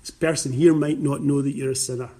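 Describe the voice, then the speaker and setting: A man preaching a sermon slowly and emphatically, repeating his phrases and rising loud and high when he voices scripture. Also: fairly even intonation.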